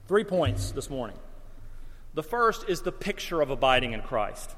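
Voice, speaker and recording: A man's voice: mid-range voice, big pitch swings, normal speed, fairly bright tone, in a large hall. A man preaching a sermon as pastor, mixing folksy stories and self-deprecating humor with Bible teaching.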